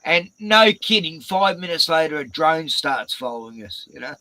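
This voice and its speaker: A man's voice: fairly high pitch, animated, moderate pace, pushed and bright, poor audio. An Australian man chatting casually, rambling through anecdotes with local slang. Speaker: host. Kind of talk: casual chat.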